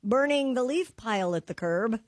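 A woman's voice: on the high side, lively intonation, normal speed, no room sound, studio quality. Chatty female radio co-host. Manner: chatty, reads news items. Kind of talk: casual chat.

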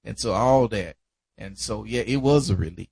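A middle-aged man, recalling caring for a dying family member in a reflective, halting way. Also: on the low side, vocal fry, darkish tone, slightly rough, dry recording. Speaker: family caregiver. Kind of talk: casual family conversation.

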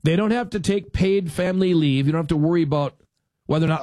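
Radio host, male, a bit high-pitched, wry and meandering, dry booth sound. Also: fast talker, darkish tone, dry recording. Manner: rambling, sarcastic, with self-corrections. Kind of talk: casual radio talk.

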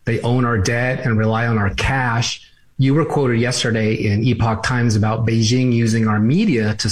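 A man from the western United States interviewing a guest, asking brisk, pointed questions. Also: mid-range voice, poor audio.

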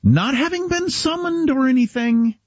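A man's voice: very high-pitched, animated, moderate pace, no echo, dull audio. A man from Kansas telling a story in casual talk-show chat, quoting dialogue as he goes.

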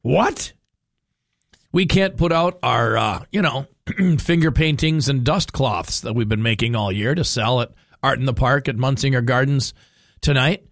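Rambling radio host, incredulous. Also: male voice, mid-range voice, moderate pace, gravelly, fairly bright tone, dry recording, clean studio sound. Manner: rambling, incredulous, thinks aloud. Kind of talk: talk radio monologue.

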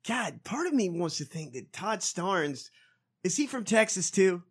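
A man co-hosting a podcast in casual chat, profane and quick to laugh. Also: high voice, big pitch swings, husky. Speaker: podcast co-host.

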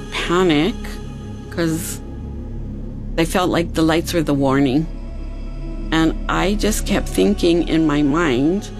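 A woman's voice: sits low, vocal fry. A woman, a hula dancer telling her own story in an earnest, reflective way. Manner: earnest, reflective, recalls events step by step. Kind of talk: personal storytelling. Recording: music playing underneath. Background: background music.

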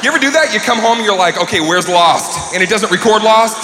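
A man doing a stand-up routine, ranting loudly and profanely and often shouting. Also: sits high, lively intonation, fast talker, over music. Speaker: stand-up comedian. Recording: echoey hall with crowd noise.

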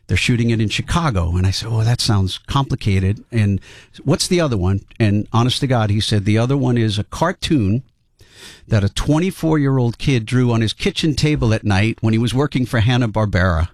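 A man's voice: lowish voice, expressive, brisk, darkish tone, no echo, clean studio sound. A man in his fifties from Rhode Island with a Rhode Island accent, telling stories in a casual interview. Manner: chatty anecdotal storyteller. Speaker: guest, sitcom and cartoon writer.

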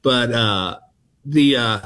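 A man's voice: medium pitch, takes it slowly, fairly bright tone. A man, a comedian guest telling rambling, self-mocking stories in a casual interview. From Texas. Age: 60s. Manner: laid-back, self-mocking, rambling anecdotes.

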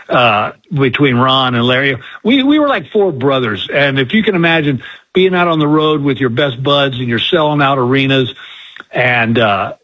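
A man's voice: a little high, expressive, normal speed, breathy edge, lo-fi sound. A man, a guest comedian, telling folksy, self-deprecating stories in a radio interview.

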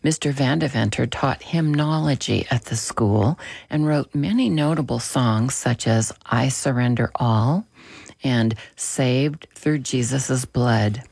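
A man hosting a radio program, reading a Christian book aloud in a slow, gentle, deliberate way. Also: mid-range voice, creaky, breathy edge, no room sound.

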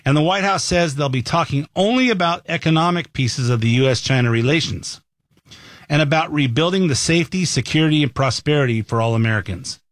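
A man's voice: a little high, a little fast, dry recording. A man hosting a talk show, giving conversational, opinionated commentary into a studio mic.

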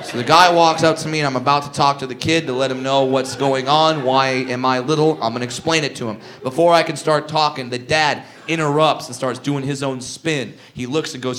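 A young male stand-up comedian telling a profane, sarcastic story on stage, swinging from hushed storytelling to shouted punchlines. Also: on the high side, brisk, a crowd in the background. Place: comedy stage before a live audience.

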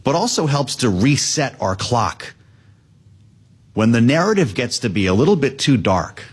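Guy anchoring business news, kinda husky, voice bounces around a lot. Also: mid-range voice. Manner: conversational, lively delivery. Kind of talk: live business news show.

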